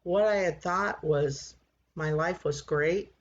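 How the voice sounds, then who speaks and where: A woman in her sixties giving an earnest personal faith testimony, halting and repeating words as she tells it. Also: low-pitched, lo-fi sound. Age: 60s. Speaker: church member giving testimony.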